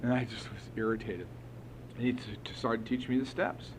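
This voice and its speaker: A middle-aged man telling his own recovery story to a meeting, animated, acting out conversations and chuckling as he goes. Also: mid-range voice, fairly quick, slight background noise, poor audio. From United States. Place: meeting hall.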